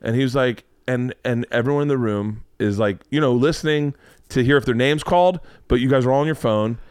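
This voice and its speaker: A man hosting a podcast, telling stories in a casual, animated way, with loud excited impressions and lots of swearing. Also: mid-range voice, a little fast, smooth, dry recording, clean studio sound. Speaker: podcast host. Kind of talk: casual storytelling chat.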